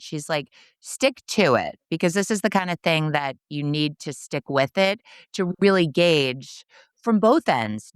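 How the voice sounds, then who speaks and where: A woman co-hosting a podcast in casual chat, quick to agree and relate to her guest. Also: on the low side, clear, resonant tone, no echo, clean studio sound. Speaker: podcast co-host.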